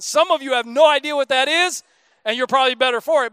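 A man in his thirties delivers a sermon with a strikingly high, smooth voice. He keeps it casual and conversational and slips in jokes as he preaches. The sound is close and dry, with no room echo. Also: animated, fast, bright, forceful tone. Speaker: pastor.

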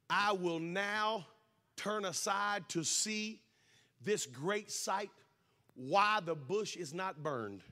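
A man preaching a sermon, shouting in a sing-song cadence with "uh" breaths between phrases. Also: fairly high pitch, normal speed, no room sound.

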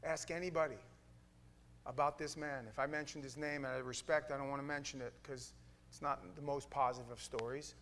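A man preaching a sermon, telling a story with dramatic swings from hushed lines to loud bursts. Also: medium pitch, fairly even intonation, a little fast, slight background noise.

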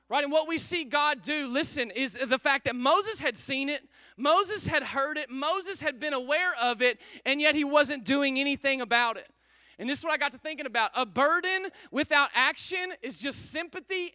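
Male pastor, energetic call-and-response sermon, very high tense voice, dry sound. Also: no room sound. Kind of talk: preaching a sermon to a congregation.

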